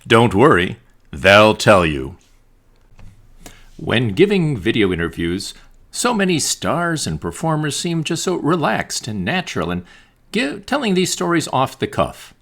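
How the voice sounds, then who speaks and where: A man presenting an instructional video about interviews, delivering it in a lively, joking way. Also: medium pitch, unhurried.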